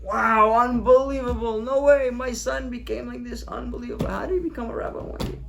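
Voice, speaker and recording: A man voicing a rich father who keeps exclaiming in excitement about his son. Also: extremely high pitch, fairly quick, vocal fry, pitched above the performer's own voice, heavily acted. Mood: amazed. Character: overjoyed rich father, middle-aged man.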